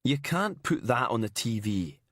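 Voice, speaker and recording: A man's voice: mid-range voice, very animated, measured pace, a bit bright, no room sound, clean studio sound. A man voicing a detective sergeant who is curt, sweary and contemptuous. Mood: exasperated. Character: angry male detective sergeant, blunt and sweary.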